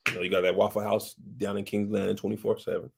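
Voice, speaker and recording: A man's voice: on the low side, fast, gravelly, breathy edge. A man giving a comedic TV recap in loose, slangy speech, animatedly acting out scenes. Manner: animated slangy storytelling, acts out characters.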